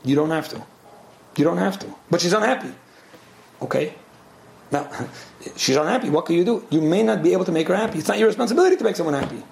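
An earnest man answers listener questions about relationships, speaking fast and often repeating a phrase to drive it home. His voice sits a little high and has a gravelly edge. The recording has a roomy echo and a faint hum of ambience behind it. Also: expressive, darkish tone. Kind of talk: relationship advice talk.

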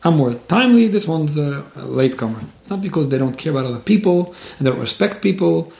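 A man's voice: a little high, expressive, fast talker, creaky, darkish tone. A man giving religious advice in a casual talk, earnest, often stammering and restarting his words. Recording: roomy echo.

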